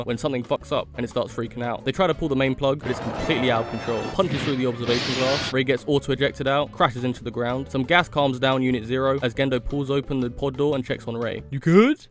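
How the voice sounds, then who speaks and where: A man narrating a comedic recap in a profane, slangy, wisecracking voice-over. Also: medium pitch.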